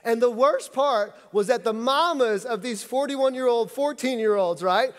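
A man's voice: extremely high pitch, moderate pace, clear, resonant tone. A man in his thirties preaching a sermon, telling a funny story in a chatty, joking way. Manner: humorous, conversational storytelling. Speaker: pastor. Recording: long church reverb.

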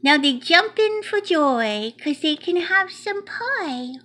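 A woman's voice: very high-pitched, very animated, takes it slowly, bright, forceful tone, exaggerated voice. A woman voicing a cute, chatty little male mouse who reads a picture book aloud in a childlike, playful way with broken grammar. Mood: cheerful. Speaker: storybook reader.

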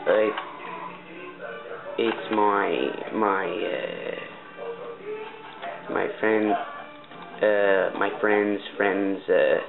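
A young man from Canada in a put-on British accent, giving rambling let's-play commentary full of ums and panicky yelps. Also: on the low side. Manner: panicky yelps when chased in game. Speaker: gaming commentator. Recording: tinny lo-fi mic.

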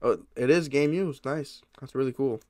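A man's voice: mid-range voice, normal speed, no echo. Chatty young man opening card packs. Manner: excited, chatty, talks to viewers. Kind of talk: casual pack-opening commentary.

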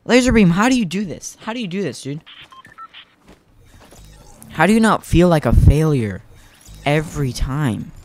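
A young man giving casual, excitable commentary on his own gameplay, self-mocking and prone to repeating himself. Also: fairly high pitch, moderate pace, pauses often, a little hiss or hum. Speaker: gaming YouTuber.

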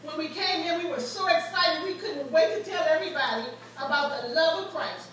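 In a church sanctuary, a guest preacher with a very high, bright, forceful voice preaches a little fast, her fervor building as she shares stories from her life. The mic is distant, and her voice rings through a very echoey space.

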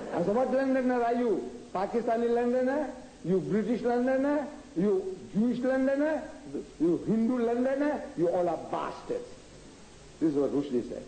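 A man's voice: high-pitched, warm tone. A man answering audience questions at a public lecture, emphatic and combative, firing off rhetorical questions. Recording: echoey hall with faint noise, archive tape.

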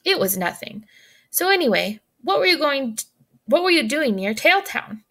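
A blurting, eager young boy, pitched a touch high, as a woman reads him aloud. He tumbles into awkward questions with a slightly gravelly edge. He belongs to a read-aloud storybook. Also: sing-song, moderate pace, a bit bright, exaggerated voice.

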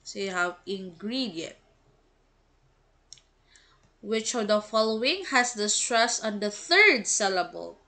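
A woman, an English teacher slowly reading quiz items and giving the answers, pronouncing each word with care. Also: medium pitch, lively intonation, pushed and bright. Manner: slow, deliberate, enunciates each word.

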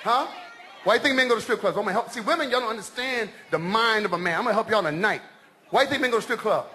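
A middle-aged man doing stand-up comedy on a large stage, loud and animated, shouting his punchlines. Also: high voice, rapid-fire. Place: large comedy stage before a live audience. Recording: live show with crowd laughter and noise.

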